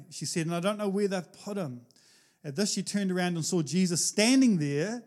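A male pastor, preaching a conversational, animated sermon full of asides. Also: high-pitched.

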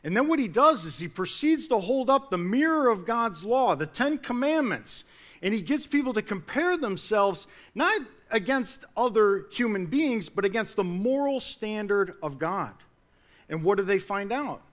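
A man preaching a sermon in an earnest manner, building to loud emphatic peaks and then dropping low. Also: big pitch swings, moderate pace.

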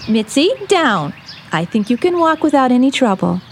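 A middle-aged woman playing a caring, patient mother who gently teaches her son, in a radio drama. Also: a little high, very animated, moderate pace, slight background noise.

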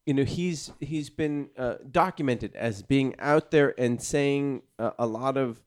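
A man's voice: medium pitch, unhurried, a little mellow, clean tone. A man hosting a comedy podcast, telling a story with many fillers and restarts. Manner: rambling, filler-heavy storytelling. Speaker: podcast host. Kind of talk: casual comedy chat.

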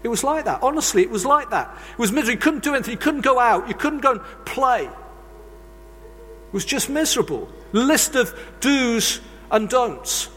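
A man's voice: extremely high pitch, animated, brisk, sharp tone. A man preaching a sermon, telling earnest, confessional stories from his own life. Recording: long reverb of a large hall.

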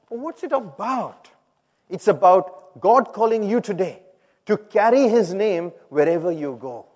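A man preaching a sermon, who moves between loud, emphatic calls and quiet, reflective asides. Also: high-pitched, lively intonation, normal speed. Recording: long hall reverb.

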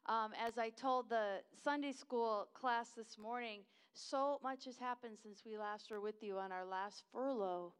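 A woman's voice: a little high, measured pace, hardly any pauses, clean tone. An American woman in her fifties gives a chatty, enthusiastic missionary talk at a church service, wandering off track and laughing at herself.

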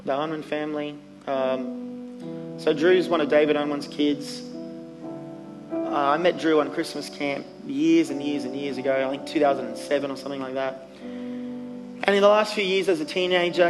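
Man, youth pastor, emphatic sermon, slightly high voice, live church stage with guitar. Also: rough recording. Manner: earnest, emphatic preaching with fillers.

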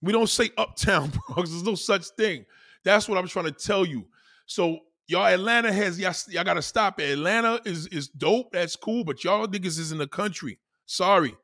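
A man's voice: high-pitched, moderate pace, pushed and bright, dry recording, studio quality. A young man with a New York accent, ranting casually, bluntly and with lots of profanity, hammering his points by repeating them. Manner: blunt, profane, emphatic with repetition. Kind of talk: casual rant.

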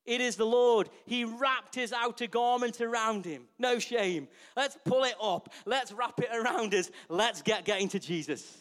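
A man preaching a sermon to his church in a lively way, often asking the congregation rhetorical questions. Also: extremely high pitch, unhurried, hardly any pauses. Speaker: pastor.

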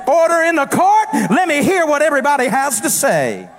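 A man's voice: very high-pitched, wildly swooping pitch, a little fast, a little hiss or hum, voice pushed up, heavily acted. A male preacher voicing God as a commanding judge calling the court to order.

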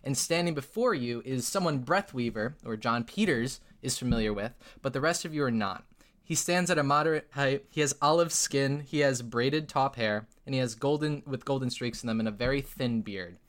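Male game master, bright tone, rambling narration full of fillers. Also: medium pitch, normal speed. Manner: rambling, filler-heavy narration with frequent laughs.

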